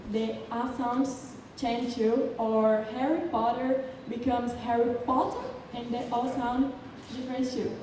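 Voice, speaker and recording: A woman with a high-pitched, dark-toned voice gives a prepared student presentation in English with a Brazilian Portuguese accent, explaining carefully and stumbling now and then. She's in a large city council chamber, recorded from far off in an echoey hall with faint noise.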